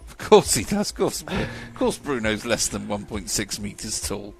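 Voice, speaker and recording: A man's voice: lowish voice, very animated, normal speed, gravelly, over music. A man giving live commentary at a model car race, chatty and joking, laughing often.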